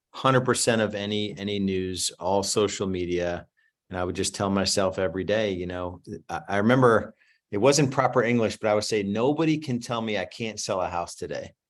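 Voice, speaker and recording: A man hosting a video call, chatting in a loose, rambling way with lots of fillers. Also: on the low side. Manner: conversational, rambling with many fillers. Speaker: host of a coaching call. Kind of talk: casual chat on a video call.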